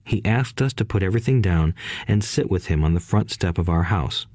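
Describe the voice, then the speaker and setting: A man tells a first-person childhood memoir in a calm, measured audiobook style. His voice is very deep and low. The recording is close and dry, with no room sound. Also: no room sound. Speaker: narrator.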